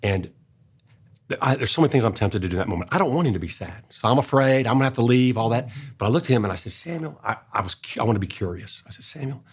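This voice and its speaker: An older man, telling an earnest personal story in a casual way, going soft and hushed when he quotes his own gentle words. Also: lowish voice, husky. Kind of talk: casual storytelling in a faith-based talk.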